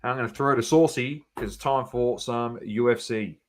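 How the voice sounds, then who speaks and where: A man's voice: medium pitch, moderate pace. A man co-hosting a sports podcast, running through scores casually with plenty of fillers and banter. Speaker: podcast co-host.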